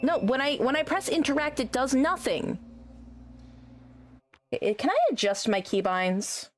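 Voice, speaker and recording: A woman's voice: high voice, lively intonation, unhurried, a little hiss or hum. A woman streaming a game, chatting casually with her viewers, teasing them and swearing freely. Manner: teasing, swears a lot, talks back to chat.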